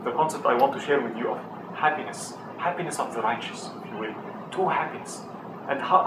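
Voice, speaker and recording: A man preaching a religious lecture, telling stories with lively acted-out dialogue and mixing Arabic phrases into his talk. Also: fairly high pitch. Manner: animated storytelling, acting out children's pleading. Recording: echoey hall, mic far off, noisy.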